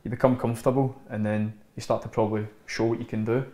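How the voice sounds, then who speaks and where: A man in his thirties with a Scottish accent, a former footballer telling lively anecdotes in a casual interview. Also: medium pitch, fast talker. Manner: animated anecdotes, acts out quotes. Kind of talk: casual storytelling chat. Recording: roomy echo.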